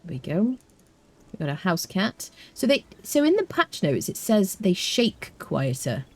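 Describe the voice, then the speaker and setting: A British woman gives casual live commentary on the game she's streaming, meandering with fillers and answering viewers in chat. She speaks a little slowly, with a medium-pitched, sing-song voice.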